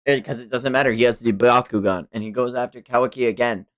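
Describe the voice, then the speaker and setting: A man streaming a manga read-along, narrating the action in a casual way with quick informal asides. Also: medium pitch, steady tone.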